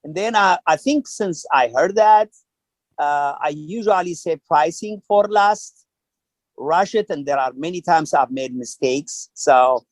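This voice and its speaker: A man's voice: fairly high pitch, lively intonation, a little slow, no room sound, poor audio. A man coaching on a small-business program panel, talking in a rambling, hesitant way full of fillers. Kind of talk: online panel discussion.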